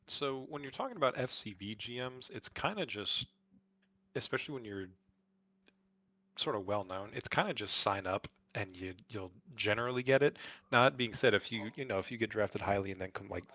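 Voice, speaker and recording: A man co-hosting a podcast, giving relaxed, hedging advice in casual talk. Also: mid-range voice, normal speed, no echo. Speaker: podcast co-host. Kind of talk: casual chat.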